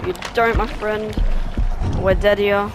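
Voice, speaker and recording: Excitable young gamer with music behind. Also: mid-range voice. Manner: reactive and excitable, with quick exclamations and laughs. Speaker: gaming video creator. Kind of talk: live gameplay commentary. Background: background music.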